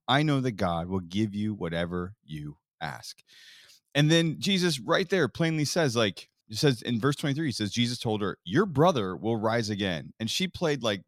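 Animated man retelling a Bible story. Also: fairly low pitch, dry recording, clean studio sound. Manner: animated storyteller, acts out quotes. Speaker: podcast co-host. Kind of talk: casual faith podcast teaching.

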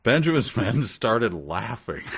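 A man co-hosting a comedy podcast, reading a book aloud deadpan and breaking off to joke about it. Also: low voice, measured pace. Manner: reads deadpan then jokes about the text.

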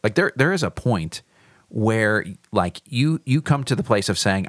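A man's voice: fairly low pitch, lively intonation, normal speed, no echo. A man, a pastor, leading a podcast Bible discussion and thinking aloud with frequent restarts.

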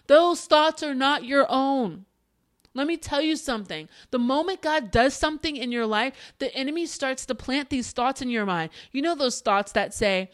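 Earnest, higher-voiced woman exhorting listeners. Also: no room sound, clean studio sound. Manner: earnest, exhorting, repeats phrases for emphasis; conversational with fillers and quick asides. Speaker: podcast host. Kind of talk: faith-based encouragement monologue.

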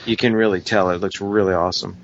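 Low-voiced New York man, lo-fi podcast. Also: fairly even intonation, quick pace, a little hiss or hum. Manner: chatty, laughs often, rambling asides. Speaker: podcast co-host. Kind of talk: casual podcast chat. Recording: dull lo-fi audio.

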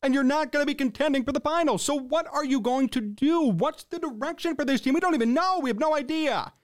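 Fired-up sports talk host guy, high voice, sarcastic and exasperated rants. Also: fast talker.

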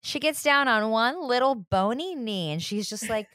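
A woman co-hosting a podcast, joking around in a casual chat with vocal fry. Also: on the high side, animated, moderate pace, a bit bright, no room sound, clean studio sound. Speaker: podcast co-host.

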